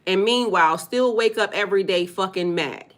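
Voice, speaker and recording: A woman's voice: medium pitch, normal speed. Blunt, chatty woman vlogger. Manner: blunt, conversational, profane, addresses viewers as y'all. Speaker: spiritual life coach and channel host. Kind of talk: casual vlog commentary.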